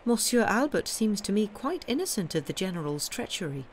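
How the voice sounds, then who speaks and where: Woman reading as a shy young lady, timid, soft-spoken, storybook. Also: mid-range voice, sing-song, a little fast, a little hiss or hum, voice pushed up, lightly acted. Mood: hesitant.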